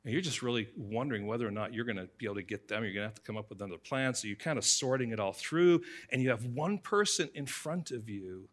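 A man's voice: mid-range voice, expressive, quick pace, hardly any pauses. A man preaching a sermon, speaking directly to the congregation and telling everyday stories to illustrate scripture. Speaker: pastor.

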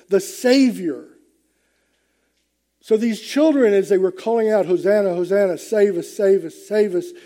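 A pastor with a high-sitting, mellow voice preaches a sermon to his congregation. He's emphatic, his delivery swelling and dropping with the message.

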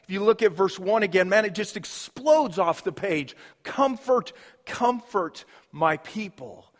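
Earnest preacher man in a reverberant hall. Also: high-pitched. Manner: earnest, emphatic, repeats key words, says "man" often. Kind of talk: sermon. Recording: long reverb of a large hall.

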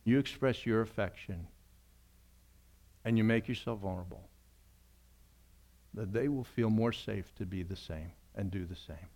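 A man preaching earnestly as a pastor, repeating key phrases for emphasis, then praying in a softer, slower voice. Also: on the low side. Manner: softens to a quiet, slow prayer. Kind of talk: sermon closing in prayer.

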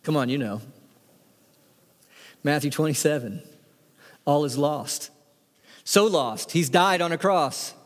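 A man's voice: on the high side, slow pace, long pauses, big-room sound. A man preaching a sermon, reading scripture aloud with emphatic delivery. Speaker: pastor.

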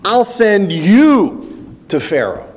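A man's voice: high-pitched, big pitch swings, takes it slowly, big-room sound, full character voice. A man voicing God, commanding Moses emphatically and urgently. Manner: emphatic, louder, insistent.

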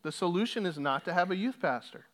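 A man with a high, bright-toned voice preaching to his congregation. He speaks steadily, then swells into forceful, emphatic runs whenever he quotes scripture. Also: lively intonation, fast talker. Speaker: pastor. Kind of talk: sermon. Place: church sanctuary.

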